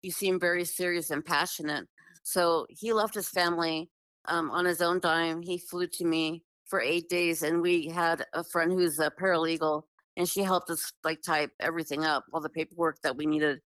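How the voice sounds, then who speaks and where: Recorded roughly but with no echo, a woman with a fairly low pitch speaks at a moderate pace. As a guest, she shares a long personal story in a casual, earnest, animated way, filled with "like," fillers and many restarts.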